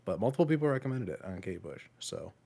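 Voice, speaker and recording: A man's voice: lowish voice, big pitch swings, fast talker, vocal fry, mellow. A man hosting a music reaction podcast, chatting casually with many hesitant fillers. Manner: hesitant, lots of filler words. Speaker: podcast host.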